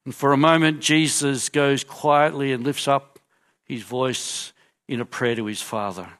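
A man preaching a sermon, telling a story vividly and dropping into quiet asides as he acts out the crowd. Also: mid-range voice, fairly even intonation, a little slow. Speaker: pastor.

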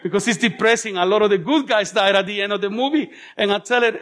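A man preaching a sermon to a congregation, chatty and animated with humorous asides, easing into soft, slow prayerful passages. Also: high voice. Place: church.

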